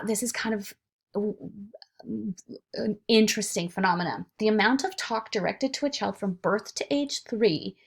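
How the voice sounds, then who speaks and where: A woman instructor talks through a recorded lecture in a chatty, unscripted way. Her voice sits at a middle pitch, and she slips easily into playful sing-song examples. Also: creaky.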